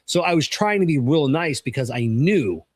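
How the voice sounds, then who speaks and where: A man's voice: fairly high pitch, lively intonation, normal speed, no room sound. A man co-hosting a podcast, telling a workplace story as an auto technician in a rambling, casually profane way. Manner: rambling, restarts, casual swearing. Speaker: podcast co-host.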